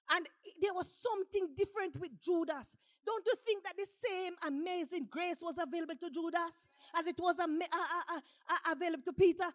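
A woman preaching a sermon with passion, repeating lines and rising to shouts. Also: sits high.

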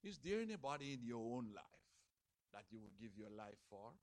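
A man preaching a sermon, dramatic, moving between loud shouted passages and hushed, quiet ones. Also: mid-range voice, sing-song, moderate pace, no room sound.

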